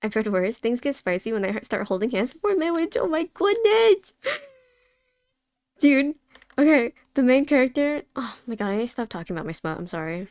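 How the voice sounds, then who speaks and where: A woman's voice: a little high, animated, fast, few pauses, darkish tone, dry recording. A young woman casually chatting while drawing live, laughing and swearing offhandedly as she answers chat. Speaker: art streamer.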